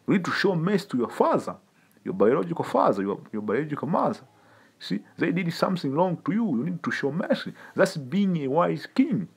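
A man's voice: a little high, big pitch swings, a little fast, creaky, husky. A man preaching an informal sermon in an emphatic, repetitive, streetwise way, often calling listeners "man".

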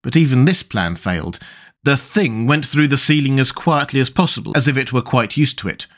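A man narrating a classic children's novel as an audiobook, measured and expressive. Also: medium pitch.

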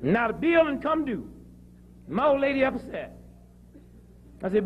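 A man's voice: extremely high pitch, very animated, a little slow, pauses often, dull audio, slight background noise. A man giving a joking, preachy talk to a live audience, telling stories from his own life. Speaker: speaker. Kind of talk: comic health lecture to an audience.

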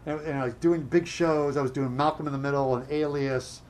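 Middle-aged man, slightly high voice, animated storyteller, acts out lines, casual chat. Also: a little hiss or hum. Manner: animated, acts out dialogue in quick bursts. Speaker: guest.

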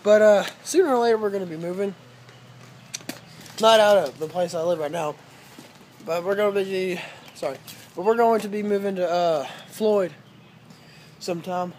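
A vlogger rambling casually at home and in the backyard, swearing constantly, with drawn-out fillers, filmed on a handheld camera. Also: medium pitch, darkish tone, a little hiss or hum. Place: home and backyard, walking around.

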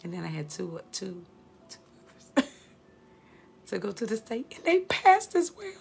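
Middle-aged woman, high voice, fervent testimony, talks straight to the crowd as y'all. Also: sing-song, a little fast, vocal fry, pauses often, a little mellow, a little hiss or hum. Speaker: beautician and instructor giving testimony. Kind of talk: emotional spoken testimony.

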